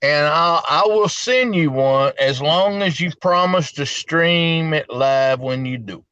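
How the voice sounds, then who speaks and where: A middle-aged man with a drawl chats casually, repeating his words as he goes. His voice sits fairly high for a man. The sound is dry and a little dull, picked up on a phone at a gas station at night. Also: slow, a bit bright, clean tone, no echo. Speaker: live stream guest. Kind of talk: casual chat.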